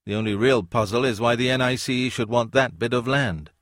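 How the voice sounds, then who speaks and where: A man's voice: mid-range voice, a little fast, fairly bright tone, no echo, lightly acted. A curt, disillusioned old don who waves things off with blunt, clipped remarks, as a male narrator reads him. The voice is dry and close, with no room around it, in an audiobook reading. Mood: gruff.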